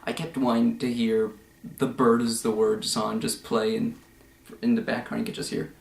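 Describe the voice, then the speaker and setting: A young man talks through a film in a casual, rambling review, stacking fillers and side remarks. His voice sits at a middling pitch, and the room gives it a noticeable echo. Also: level tone, creaky. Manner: rambling, full of fillers and asides, slips into quick mocking voices. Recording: echoey room.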